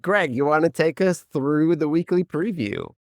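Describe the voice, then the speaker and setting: A young adult man co-hosting a casual podcast, riffing and joking with quick comebacks. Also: fairly high pitch, dry recording, studio quality. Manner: joking, animated, quick to riff. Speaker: podcast co-host.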